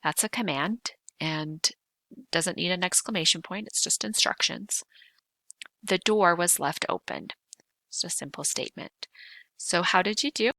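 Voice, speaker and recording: A middle-aged woman teacher giving a video grammar lesson, explaining patiently and clearly, slowing down to stress key points. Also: fairly low pitch, bright, forceful tone, no room sound.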